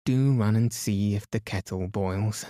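A man's voice: on the low side, measured pace, dark tone, no room sound, studio quality, lightly acted. A man voicing a tired, affectionate mother in a storybook.

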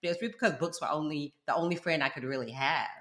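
A woman guest telling her story in an animated, emphatic way, with Jamaican parents and a South Florida upbringing. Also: low-pitched, quick pace, echoey room. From Jamaican parents, grew up in South Florida. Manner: animated, emphatic, quotes others in lively voices. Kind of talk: candid conversational storytelling.

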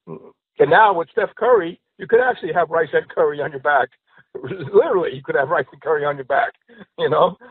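Fast-talking man on a tinny phone line. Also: on the high side, slightly rough, no room sound. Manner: rambling, repeats "you know". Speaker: comedian guest. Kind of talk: casual chat and joke telling.

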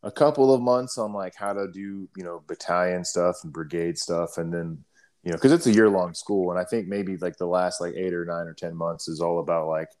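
A middle-aged man talks in an easygoing, casual way, his voice sitting fairly low. He swears freely and tells army stories, acting out the other people's lines as he goes. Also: steady tone, a little fast, a little mellow. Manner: laid-back, profane storytelling with quoted dialogue. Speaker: army veteran telling stories. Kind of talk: casual chat.

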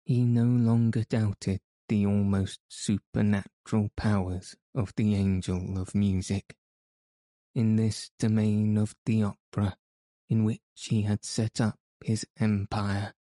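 Slow, low-voiced male narrator. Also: no room sound. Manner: measured, even reading. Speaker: audiobook narrator. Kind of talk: scripted narration.

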